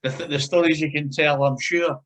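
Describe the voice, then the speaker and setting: Male interviewer, chatty, quick to laugh, video-call audio. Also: a little high, fairly even intonation, fairly bright tone, rough recording. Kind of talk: casual chat.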